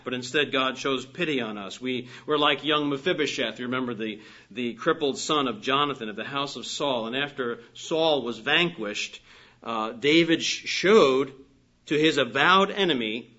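Bright-voiced male preacher, lo-fi. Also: medium pitch. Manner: earnest, emphatic, rising on key phrases and dropping soft at sentence ends. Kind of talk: sermon. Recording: dull lo-fi recording.

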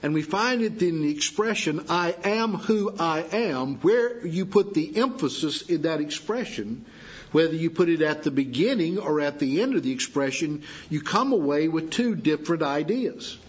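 A man preaching a sermon, teaching slowly and deliberately with pauses for emphasis. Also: a little high, expressive, husky. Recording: dull lo-fi sound.

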